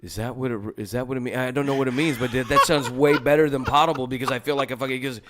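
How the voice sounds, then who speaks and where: A man in a casual podcast chat, telling anecdotes in a rambling, halting way with many fillers and restarts. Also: mid-range voice, steady tone, very noisy. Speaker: podcast participant.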